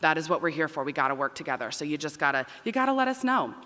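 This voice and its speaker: A loud, energetic woman dean speaks quickly from a stage microphone. Her voice is bright and forceful, and it rings out with a long reverb across a big auditorium. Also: deep voice. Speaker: dean of students. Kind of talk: welcome speech to families. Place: large performing arts auditorium.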